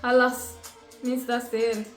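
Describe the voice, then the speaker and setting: A woman's voice: on the high side, little pitch movement, a little slow. A woman hosting a reaction video, talking casually and emotionally, exclaiming often and thinking aloud. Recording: roomy echo with faint music.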